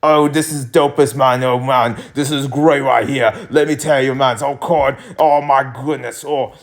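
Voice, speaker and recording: A man's voice: medium pitch, fairly even intonation, normal speed, gravelly, lightly acted. A man putting on a to impersonate a hyped YouTuber reacting with gushing, stammered exclamations. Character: impression of a hyped male British YouTuber.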